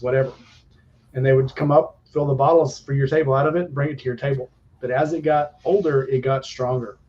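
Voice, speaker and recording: A man in casual live-stream chat, wandering through long stories and stretching out his fillers. His voice sits at an ordinary middle pitch. The sound is slightly dull and lo-fi. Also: a little mellow. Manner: rambling storyteller, drawn-out fillers.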